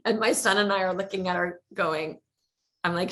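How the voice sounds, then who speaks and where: A middle-aged woman chatting as a guest in an interview, energetic, laughing often and repeating words as she talks. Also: on the low side, moderate pace. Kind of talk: casual interview chat.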